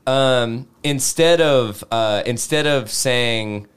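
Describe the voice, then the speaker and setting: A man co-hosting a podcast in casual, animated chat, swearing freely and laughing often. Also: medium pitch, slow, clear, resonant tone. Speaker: podcast co-host.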